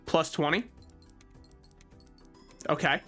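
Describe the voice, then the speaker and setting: Joking gaming host man, slightly high voice. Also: slow, sharp tone, slightly rough, soft background music. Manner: joking, self-deprecating, talks to the game. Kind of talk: casual gameplay commentary.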